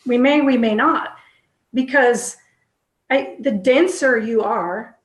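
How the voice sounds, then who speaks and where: A woman co-hosting a casual spiritual discussion, talking enthusiastically in quick bursts with restarts. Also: fairly high pitch, echoey room. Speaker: co-host.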